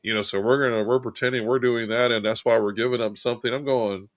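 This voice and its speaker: A man's voice: mid-range voice, steady tone, quick pace, no room sound, clean studio sound. A man co-hosting a podcast, talking earnestly and emphatically, repeating words for stress. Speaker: podcast co-host. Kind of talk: casual conversational chat.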